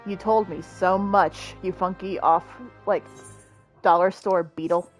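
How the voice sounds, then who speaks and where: A woman's voice: on the low side, fairly even intonation, unhurried, soft background music. A young woman streaming a game, chatting casually, joking and swearing freely. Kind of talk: casual gameplay chat.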